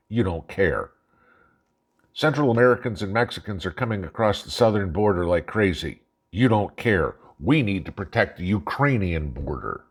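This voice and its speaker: Brief: low-pitched male host, angry ranting monologue, blunt, profane, mocking. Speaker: channel host.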